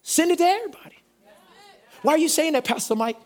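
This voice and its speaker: A middle-aged man, a pastor preaching a sermon energetically, shouting call-and-response lines to his congregation. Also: very high voice, animated, fast.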